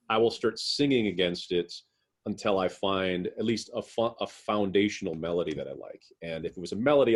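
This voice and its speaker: A man, a guest musician, answering interview questions in a rambling way, with many fillers and restarts. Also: sits low.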